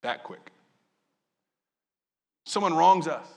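Animated, bright-voiced male preacher. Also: a little high, moderate pace. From Southern Illinois. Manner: animated, asks the congregation questions. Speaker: pastor. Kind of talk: sermon.

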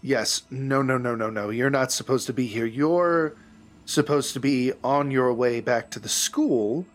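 A man voicing a friendly, kindly bookkeeper of the afterlife, who talks quickly and reassuringly. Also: medium pitch, lightly acted.

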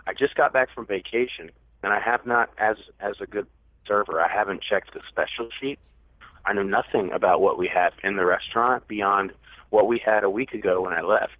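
A man with a slightly low voice rambles through a story and pokes fun at himself. His voice comes through a tinny, phone-like line. The sound is dry, with no room in it. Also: brisk, no room sound. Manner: rambling, self-mocking storyteller. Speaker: podcast guest. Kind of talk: casual storytelling.

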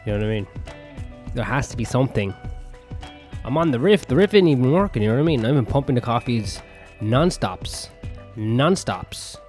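A man's voice: medium pitch, expressive, quick pace, a little mellow. A young man talks alone on his podcast, rambling from one thought to the next with plenty of swearing and self-mockery. Faint music plays behind him. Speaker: podcast host and comedian. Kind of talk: solo rambling podcast monologue.

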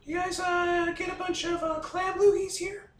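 A woman's voice: very high-pitched, flat delivery, normal speed. A woman playing a tabletop game, talking in a playful, goofy, boastful way. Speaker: tabletop player. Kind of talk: casual in-character play. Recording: roomy, distant mic with faint noise.

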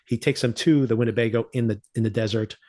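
A man's voice: medium pitch, quick pace. A man hosting a podcast, recapping a TV season in casual chat, laughing often and acting out the characters' lines. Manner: animated storyteller, laughs often, acts out quotes. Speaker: podcast host.

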